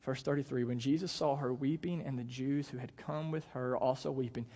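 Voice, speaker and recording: A man's voice: mid-range voice, steady tone, fairly quick, few pauses, mellow, long reverb tail. An American man, a pastor, giving a sermon in a casual, conversational way with lots of fillers. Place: church auditorium.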